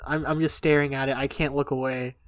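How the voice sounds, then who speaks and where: A man's voice: medium pitch, flat delivery, fast talker, no room sound. A young man telling a long story in casual podcast chat, rambling and swearing, often laughing. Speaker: podcast co-host.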